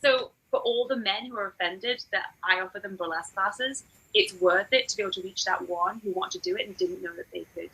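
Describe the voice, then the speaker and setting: A woman who teaches burlesque, chatting in a casual podcast interview and acting out quotes in lively voices. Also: medium pitch, a little fast, vocal fry, slightly rough, rough recording. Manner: animated, acts out quotes in different voices.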